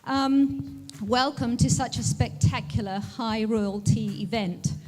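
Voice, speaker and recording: A woman's voice: a little high, slow pace, darkish tone. British-raised woman with a mixed accent. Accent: mixed British, southern African and New Zealand. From Central Africa. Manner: chatty, self-deprecating, mock-posh delivery. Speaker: guest speaker. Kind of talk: speech at an event on a mic. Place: event hall with music. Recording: music playing faintly behind.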